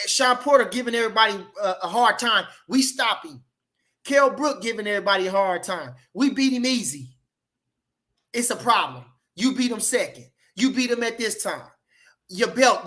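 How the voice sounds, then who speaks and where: A man's voice: high-pitched, sharp tone. Emphatic man talking boxing. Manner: emphatic, repeats phrases, fires rhetorical questions. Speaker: boxing commentator. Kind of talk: casual opinion talk.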